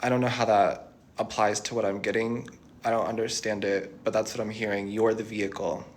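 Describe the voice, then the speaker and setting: A man's voice: lowish voice, level tone, brisk. Man giving a musing tarot reading. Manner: reassuring, musing, thinks aloud. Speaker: tarot reader. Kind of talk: channeled tarot reading to viewers.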